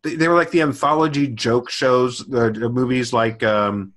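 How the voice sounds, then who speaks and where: A man's voice: medium pitch, fairly bright tone. A man in his forties co-hosting a podcast, talking in a loose, rambling way with many restarts. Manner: halting, many fillers and restarts. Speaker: podcast co-host. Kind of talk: casual rambling chat.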